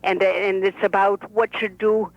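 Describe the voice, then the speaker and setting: A woman's voice: medium pitch, level tone, unhurried, dry recording, voice pushed up, close to an everyday voice. Woman voices brassy elderly grandmother, Brooklyn-Yiddish accent, talky and pushy, over a dull phone line. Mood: boastful, chatty. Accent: Brooklyn with Yiddish inflection. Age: older. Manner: brash, folksy, talks over people. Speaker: playwright performing her character. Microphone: telephone.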